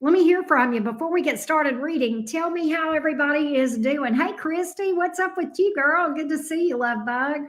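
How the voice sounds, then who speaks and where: A woman's voice: high-pitched, moderate pace, few pauses. A middle-aged woman with a Southern US accent, chatting casually and greeting viewers by name as she hosts a live tarot stream. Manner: bubbly, greets viewers by name one after another.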